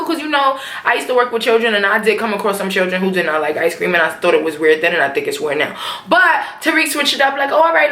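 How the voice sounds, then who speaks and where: A young woman talks through a TV episode in loose, slangy chat, voicing the characters' lines as she goes. Her voice sits a little high, and the room around her rings with echo. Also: sharp tone. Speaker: TV episode recapper. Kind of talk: casual episode recap.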